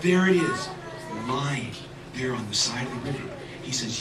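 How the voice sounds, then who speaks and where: Animated man telling children's stories. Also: mid-range voice, normal speed. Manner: animated, playful, repeating refrains. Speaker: storyteller and children's performer. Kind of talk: live storytelling and singing for children. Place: live children's show venue. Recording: echoey live room from far off, crowd and music.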